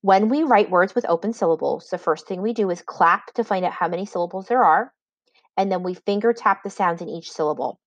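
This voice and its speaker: A woman teacher giving a spelling lesson, dictating words slowly and patiently with clear enunciation. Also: mid-range voice, no echo, muffled recording.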